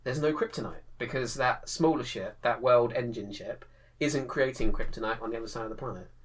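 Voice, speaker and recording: A man co-hosting a casual podcast. He talks in a lively, animated way, laughs easily and slips into playful voices. His voice sits at an ordinary middle pitch. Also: brisk, slightly rough. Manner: animated, laughs often, acts out lines. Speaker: podcast co-host. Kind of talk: casual chat.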